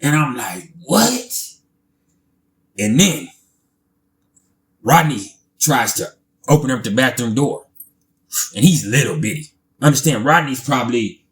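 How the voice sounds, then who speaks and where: A man, telling a casual storytime, animated, laughing often and swearing freely. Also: on the high side.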